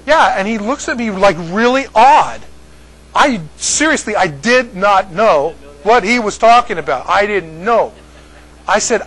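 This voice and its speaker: An older American man with a high, fairly bright voice tells a rambling story to a group at an unhurried pace with lively intonation. He repeats words and laughs at his own jokes, and the recording is rough.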